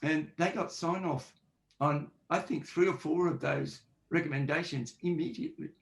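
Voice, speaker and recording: A man with a slightly high voice talks as a guest on a podcast. He explains his ideas point by point and acts out the sample questions he describes. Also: moderate pace, creaky. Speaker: guest, forensic linguist. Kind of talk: podcast interview answers.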